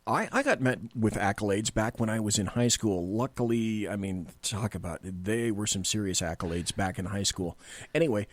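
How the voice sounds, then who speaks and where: Joking talk radio host, low dry voice. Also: male voice, moderate pace, no echo. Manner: joking, rambling, self-deprecating. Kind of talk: casual talk radio banter.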